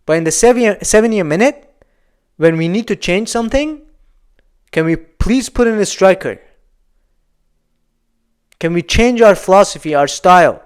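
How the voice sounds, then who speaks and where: A young man delivers a solo football reaction rant, emphatic and repetitive as he vents his frustration. His voice sits a bit high and comes through smooth and clear. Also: expressive, normal speed, long pauses. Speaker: football channel host.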